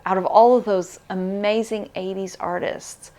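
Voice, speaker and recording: A middle-aged woman hosting a vinyl record channel, talking casually to camera in a reflective, heartfelt way, often pausing with "uh" and "um.". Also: medium pitch, steady tone, warm tone.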